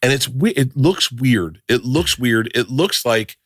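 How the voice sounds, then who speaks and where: A middle-aged man hosting a podcast, telling stories in an animated, profane, casual way. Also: mid-range voice, a little slow, no echo, studio quality. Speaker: podcast host. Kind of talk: casual chat.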